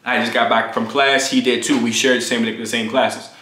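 A young man casually telling a profane, animated story about his college roommate, acting out what people said. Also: moderate pace, roomy sound. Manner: animated, profane, acts out quotes in high voices. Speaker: storytime vlogger.

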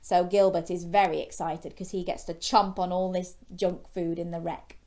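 A woman reading a bedtime story to young children, gently asking them questions along the way. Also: lowish voice, level tone, moderate pace.

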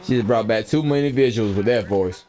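A man's voice: lowish voice, fairly quick, a little mellow, a little hiss or hum. A young man streaming a role-play game, chatting casually, telling stories in slangy, profane talk and laughing often. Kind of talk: casual gameplay chat.

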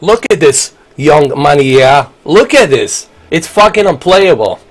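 A man's voice: on the high side, sing-song, measured pace. A man, ranting angrily and profanely while live-streaming a game. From Bosnia. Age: 40s. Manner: angry, profane, combative.

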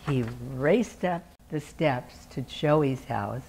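Older lady telling a kids' story, low voice, lots of ups and downs. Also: slow pace, a little hiss or hum. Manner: expressive, animated storytelling. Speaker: children's storyteller. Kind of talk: children's story reading.

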